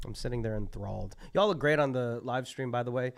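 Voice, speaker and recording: A man hosting a live open mic, excitable and profane, hyping up the performers and the live stream. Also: medium pitch, a little fast, gravelly. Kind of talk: live event emceeing. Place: live event at a community center.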